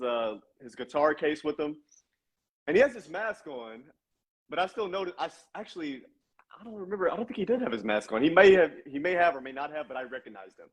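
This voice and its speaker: A man's voice: on the high side, breathy edge. A man guest on a casual interview podcast, a voice actor telling chatty anecdotes with plenty of uh and man.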